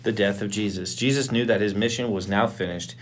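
A man co-hosting a podcast, reading a Bible passage aloud in turns with a measured delivery. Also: fairly low pitch, steady tone, slight background noise. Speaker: podcast co-host reading scripture.

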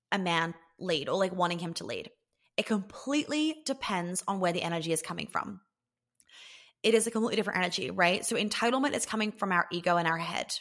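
A woman's voice: mid-range voice, fairly bright tone. A woman hosting a podcast, giving casual dating advice in a candid, coaching way, swearing freely and acting out little scenes.

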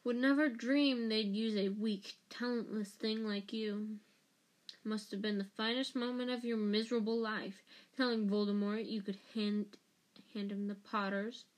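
A woman's voice: medium pitch, steady tone, unhurried, lightly acted. A woman voicing a bitter, menacing escaped male prisoner who growls and hisses his words venomously.

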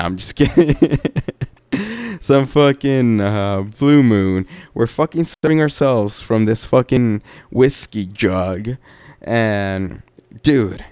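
A man hosts a podcast and tells a story in a loose, profane, laid-back way, slipping in laughing asides. His voice is smooth and clean, and his pace is unhurried. The sound is dry and close. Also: medium pitch, darkish tone, dry recording. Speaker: podcast host. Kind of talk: casual storytelling.

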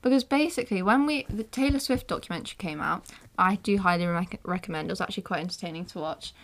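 A teenage woman hosting a casual podcast, giggly, excitable and easily flustered. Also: fairly low pitch, quick pace. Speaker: podcast host. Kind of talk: casual chat.

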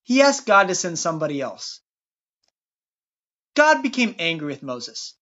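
A podcast narrator telling a Bible story in a wry, lively scripted way, on a dull lo-fi recording. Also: mid-range voice, a little slow.

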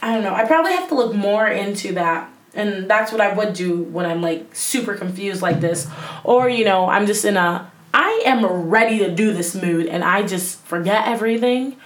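A woman's voice: medium pitch, moderate pace, echoey room, recorded from a distance, poor audio. A young woman hosting a casual solo podcast, rambling and self-mocking with lots of fillers, on a headset mic. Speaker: podcast host.

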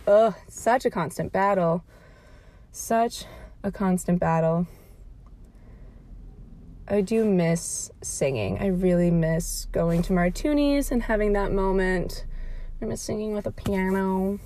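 A woman's voice: mid-range voice, moderate pace, gravelly, dark tone, no echo. A young woman recording a casual audio diary from her parked car, rambling and filling her talk with "like". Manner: rambling, heavy use of filler "like".

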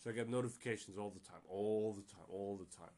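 A man's voice: lowish voice, quick pace, darkish tone. A man hosting a casual solo podcast, rambling with many fillers and restarts and sounding exasperated. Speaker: podcast host.

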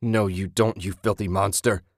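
A man voicing an enraged, violent man in a horror story, shouting through a brutal fight. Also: on the low side, fairly even intonation, normal speed, dry recording, studio quality. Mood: raging. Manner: raging, shouting.

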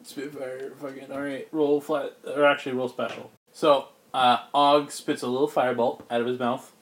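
A man's voice: medium pitch, little pitch movement, normal speed, slight background noise. Man running a tabletop game, casual. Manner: loose, joking, filler-heavy narration. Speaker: game master.

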